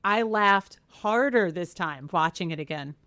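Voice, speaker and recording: A woman's voice: fairly low pitch, animated, unhurried, a bit bright, dry recording. A woman co-hosting a podcast in casual chat, speaking emphatically and laughing often. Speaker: podcast co-host. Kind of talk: casual chat about a film.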